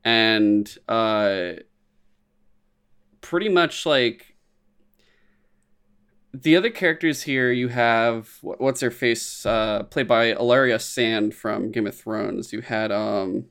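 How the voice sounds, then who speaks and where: A man's voice: on the low side, slow pace, long pauses, fairly bright tone, smooth. A man co-hosting a podcast, chatting casually about a show with a rambling, joking manner and lots of fillers. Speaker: podcast co-host. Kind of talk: casual chat reviewing a show.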